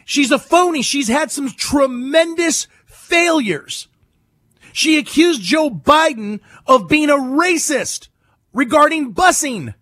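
A man hosting a political talk radio show from a studio. He is emphatic and mocking, and he repeats his points to drive them home. His very high, bright voice rises and falls a lot and sounds close and dry. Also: animated, slow pace, no echo.

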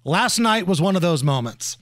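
A man's voice: sits high, moderate pace, dry recording, studio quality. A man hosting a radio show, giving sarcastic and mocking political commentary. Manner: sarcastic, animated. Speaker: radio host.

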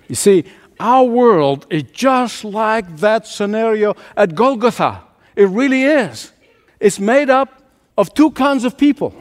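A man's voice: high voice, long reverb tail. A man preaching a sermon as pastor, emphatic and repeating his phrases for force.

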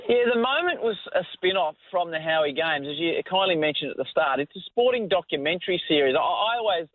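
An Australian man with a fairly high voice speaks as a guest on a radio interview. He tells his story in a relaxed, chatty way. His voice comes through a narrow, phone-like line. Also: quick pace, no room sound. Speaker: podcast host, guest.

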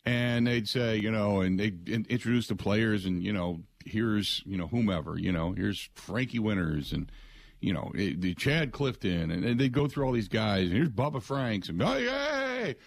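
Animated male sports radio host. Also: fairly low pitch, normal speed. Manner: excitable, mimics voices, frequent restarts.

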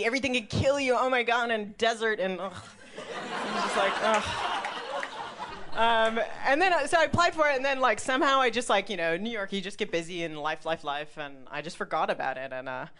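A woman's voice: fairly high pitch, fairly bright tone. A woman in her thirties from the Midwest, telling a personal story to a live audience in a chatty, laughing way, full of "like" and swearing. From Milwaukee, Wisconsin, USA.

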